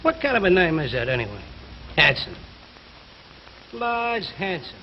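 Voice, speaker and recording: A man's voice: a little high, sing-song, unhurried, slight background noise. An actor playing a surly, bigoted American workman who grumbles in coarse slang. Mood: griping. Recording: muffled 1950s television recording.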